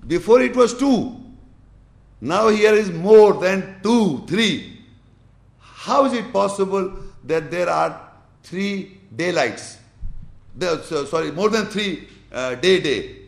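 A man's voice: high voice, animated, slow pace, gravelly, long pauses, reverberant. A man teaching a religious lesson, quizzing his class and demonstrating with his hands.

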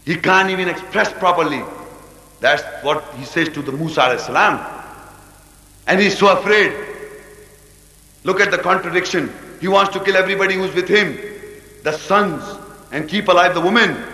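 A man teaching a scripture commentary with animated explanations, breaking into rapid chanted recitation, in an echoey hall. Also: high voice. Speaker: religious teacher.

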